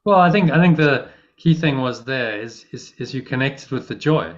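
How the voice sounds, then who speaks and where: A man leading a spiritual discussion, explaining ideas in a calm, measured way. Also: medium pitch. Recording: muffled lo-fi audio.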